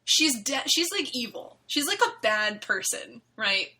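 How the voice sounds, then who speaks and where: Animated, bright-voiced woman chatting. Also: on the high side, measured pace, rough recording. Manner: animated, filler-heavy, emphatic. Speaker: podcast co-host. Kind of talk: casual chat about a webcomic.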